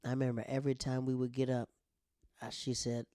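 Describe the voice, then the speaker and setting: A man's voice: mid-range voice, completely flat delivery, brisk, warm tone, no echo, studio quality. A man, a stand-up comedian, telling family stories in a casual monologue, often laughing as he talks. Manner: laughs often while telling, acts out family members' voices. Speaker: stand-up comedian, podcast host.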